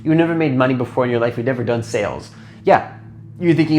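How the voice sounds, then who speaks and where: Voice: mid-range voice, fast, a little mellow, faint music behind. A transformation coach giving a casual motivational talk, rambling with lots of "like", restarts and rhetorical questions to the listener.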